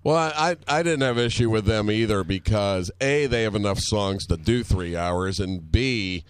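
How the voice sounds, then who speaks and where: A man's voice: fairly low pitch, moderate pace, clear, resonant tone, no echo. A man co-hosting a casual chat, rambling with restarts and casual swearing.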